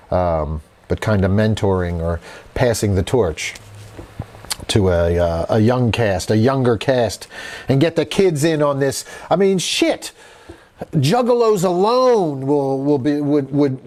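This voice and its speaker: A man's voice: medium pitch, darkish tone. A man hosting a live horror news stream. He talks casually, laughs often and greets viewers in the chat by name.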